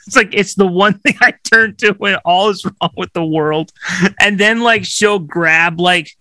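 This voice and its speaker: Giggly improv comedian, bright tone, slow pace, dry sound. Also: medium pitch, no echo. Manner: giggly, acts out scenes with voices.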